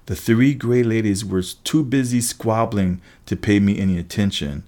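A man's voice: lowish voice, moderate pace, few pauses, darkish tone. A man narrating a first-person story aloud, with occasional slips and restarts. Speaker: audiobook reader.

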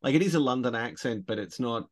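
A man's voice: mid-range voice, expressive, quick pace. A man co-hosting a podcast in casual chat, talking enthusiastically with rambling restarts. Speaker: podcast co-host.

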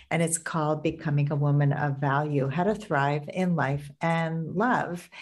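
A middle-aged woman with a notably low, deep voice hosts a dating and relationships podcast. She talks earnestly and with emphasis, pausing and restarting as she goes. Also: a little mellow. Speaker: podcast host and dating coach. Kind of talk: podcast intro and interview.

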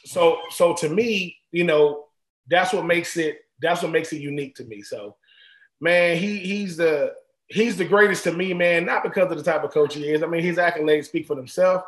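Animated high-voiced man telling stories. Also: normal speed, echoey room. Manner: animated, repeats and restarts phrases. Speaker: former college football player, guest. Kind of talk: casual storytelling.

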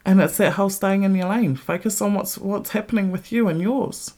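A woman's voice: mid-range voice, fairly quick, hardly any pauses, darkish tone. A middle-aged woman hosting a podcast, ranting bluntly with heavy swearing and strong emphasis. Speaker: podcast host. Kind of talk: casual ranting monologue.

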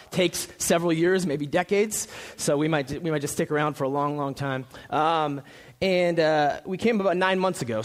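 A young male pastor from Minnesota preaching a sermon from a church stage, in a joking, conversational way. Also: on the high side. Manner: jokey, conversational, lively.

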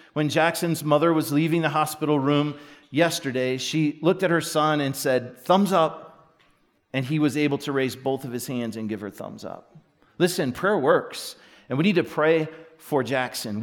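A middle-aged pastor preaches with a voice pitched a little high for a man. He drops to near whispers when telling a hard story, then climbs into loud, excited shouting. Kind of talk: sermon.

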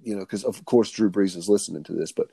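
A man's voice: sits low, quick pace, creaky, dark tone, slightly rough, no echo. A young man co-hosting a podcast, chatting casually with laid-back, joking banter and frequent swearing. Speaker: podcast co-host. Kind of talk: casual chat.

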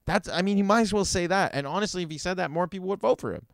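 A man's voice: sits high, racing, creaky, no echo, studio quality. A man hosting his own comedy podcast, ranting profanely with sarcastic asides. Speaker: podcast host. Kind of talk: solo comedy podcast rant. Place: in Vancouver.

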